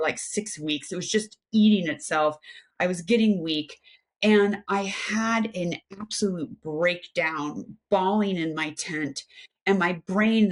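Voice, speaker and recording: Energetic American woman in her fifties. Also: fairly low pitch. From United States. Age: 50s. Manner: energetic, talks at length in long flowing runs. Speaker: guest, aerospace engineer and adventure athlete. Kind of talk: animated personal storytelling.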